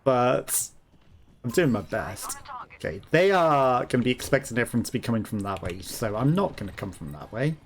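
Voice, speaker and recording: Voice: medium pitch, big pitch swings, normal speed, a little hiss or hum. A let's play host giving casual gameplay commentary, chatty and jokey, laughing often and calling out to teammates.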